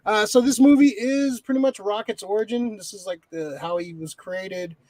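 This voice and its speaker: High-pitched dude rambling about a movie on a podcast, swears constantly, dead dry sound. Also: male voice, moderate pace, a little mellow, no echo. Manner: swears a lot, rambling with many fillers. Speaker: podcast co-host. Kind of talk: casual movie review chat.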